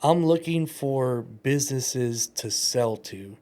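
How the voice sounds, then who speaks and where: A man talking casually on a podcast, telling animated stories and acting out quoted voices. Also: medium pitch, slow.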